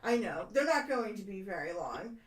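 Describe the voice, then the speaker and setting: A woman's voice: medium pitch, big pitch swings, normal speed, crowd noise. A woman co-hosting a podcast, chatty and full of fillers, often laughing. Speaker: podcast co-host. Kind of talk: casual podcast chat. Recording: roomy, distant mic.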